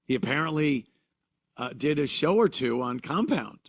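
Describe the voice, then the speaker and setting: A man's voice: fairly high pitch, expressive, moderate pace, gravelly, no room sound. Hesitant man talking casually. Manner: hesitant, trailing off with fillers. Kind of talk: casual chat.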